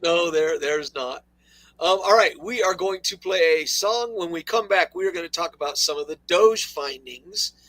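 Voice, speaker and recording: High-voiced man co-hosting talk radio. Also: moderate pace, dry recording, rough recording. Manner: animated, laughing, sarcastic asides. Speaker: co-host. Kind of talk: casual political radio talk.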